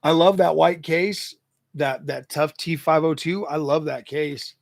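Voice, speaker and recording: A man hosts a tech channel in a casual, animated rant, stammering and doubling back on his words. His voice is a touch high with a gravelly edge. The sound is dry and close. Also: a little slow, no room sound. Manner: animated, exasperated, stammers and repeats himself. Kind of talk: casual livestream chat.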